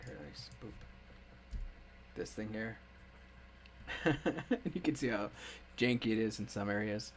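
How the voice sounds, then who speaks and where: A man's voice: lowish voice, moderate pace, slight background noise. A man hosting a casual anime review chat, talking loosely and laughing often. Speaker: podcast host.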